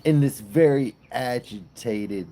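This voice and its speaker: A man's voice: medium pitch, takes it slowly, mellow, slight background noise. A man hosting a casual livestream, chatting playfully and telling a long joke. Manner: playful storyteller. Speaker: livestream host.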